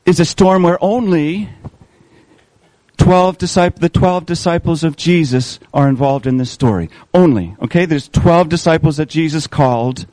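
A man delivering a sermon in a fairly high voice, often posing questions to the congregation and drawing out key words to stress them. The sound is close and dry, with almost no room echo. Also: darkish tone. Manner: asks the congregation questions, slows for emphasis. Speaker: preacher.

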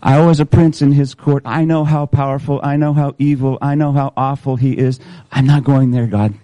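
A man's voice: mid-range voice, steady tone, normal speed, dark tone, no echo, natural voice. A man, a pastor, voicing a fearful shepherd who protests and refuses a mission, flustered and stammering. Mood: protesting.

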